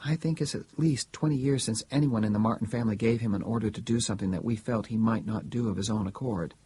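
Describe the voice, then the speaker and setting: A man's voice: quick pace, mellow, slight background noise, close to an everyday voice. A man voicing a defiant, earnest young woman. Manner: pleading, raised pitch. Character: spirited grown daughter, defiant and earnest. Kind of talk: audiobook reading.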